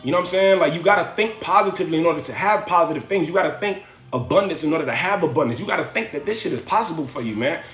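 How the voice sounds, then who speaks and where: A man's voice: a little high, rapid-fire, fairly bright tone, echoey room, soft background music. A man hosting a livestream from home, giving a slangy, preachy motivational talk that repeats phrases for effect. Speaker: livestream host.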